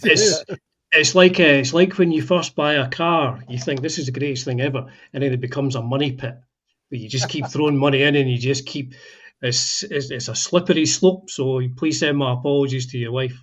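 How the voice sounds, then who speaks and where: A man from Scotland, a guest in a casual podcast chat, halting and repeating words as he searches for them. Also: mid-range voice, fairly bright tone, muffled recording. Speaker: guest, guitar YouTuber.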